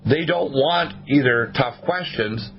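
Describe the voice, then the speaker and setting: A man's voice: medium pitch, unhurried. Male talk radio host, preachy and rambling, slightly dull broadcast sound. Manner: rambling, sermon-like, quoting the Bible.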